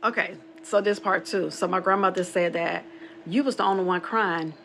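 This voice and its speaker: A woman with a low, gravelly voice tells a spooky true story about her family in a loose, rambling way. She circles back on herself and slips into quoted back-and-forth dialogue as she goes. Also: moderate pace, fairly bright tone, a little hiss or hum. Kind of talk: casual spoken true story.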